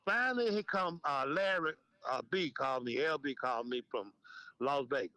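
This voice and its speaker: Older man, lively storyteller voicing the people in his tales; bright tone, dry close sound. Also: on the high side, normal speed, dry recording, low-quality recording. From Memphis, United States. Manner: animated storyteller, acts out quoted dialogue, laughs often. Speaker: interview guest, veteran club DJ. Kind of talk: storytelling in casual interview.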